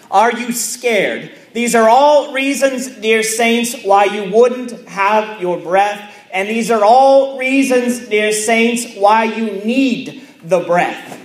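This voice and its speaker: Pastor, male, high-pitched, slow deliberate sermon delivery in a roomy church. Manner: measured preaching with repeated phrases and pauses.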